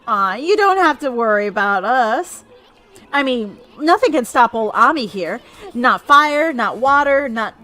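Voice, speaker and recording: A woman doing a squeaky, cocky little male sidekick. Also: animated, a little slow, faint music behind, poor audio. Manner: loud, teasing, boastful. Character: tiny brash male sidekick, cocky and flirty.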